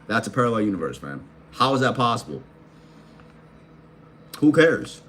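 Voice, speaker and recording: A man's voice: on the low side, very animated, fast talker, pushed and bright. A man in his thirties giving a blunt, profane, slang-heavy motivational rant, firing questions straight at the viewer. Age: 30s. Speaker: vlogger and life coach.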